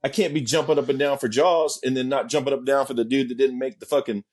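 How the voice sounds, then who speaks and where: A middle-aged man spins casual stories as a guest, easygoing and liberally profane. He breaks into laughter partway through sentences. His voice sits at an ordinary pitch. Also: steady tone, fast talker, a little mellow. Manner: laid-back, profane, laughing asides. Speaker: interview guest. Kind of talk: casual storytelling.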